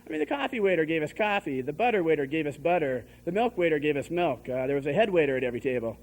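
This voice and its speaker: A man's voice: fairly high pitch, big pitch swings, quick pace, low-quality recording. A young man doing a stand-up comedy set on a live stage, chatty and full of "you know". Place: live stage before an audience.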